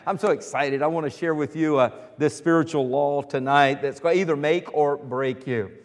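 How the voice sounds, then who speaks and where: A middle-aged American pastor preaches to his congregation in a lively, questioning way. His voice sits a little high for a man. It rings out with the long reverb of a church hall. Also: moderate pace, few pauses, faint music behind. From United States. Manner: animated, asks the congregation questions. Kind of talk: sermon with congregational call-and-response.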